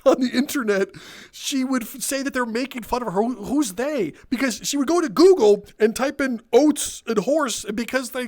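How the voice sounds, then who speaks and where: Young male host, high voice, animated, laughs and curses while telling the story. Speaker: gaming video host telling a retail story. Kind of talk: casual storytelling over gameplay.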